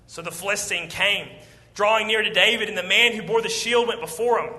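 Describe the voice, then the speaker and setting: A man preaching a sermon, retelling a Bible story with lively acted-out quotes. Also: high voice, fairly quick. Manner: animated storytelling, acting out quoted lines. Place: church auditorium. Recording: long church hall reverb.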